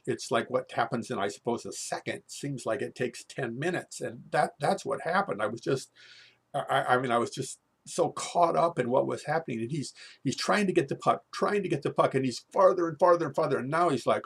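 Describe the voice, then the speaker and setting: A man telling a rambling, animated story with many restarts and fillers. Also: mid-range voice, brisk, husky. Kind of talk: live comic storytelling monologue.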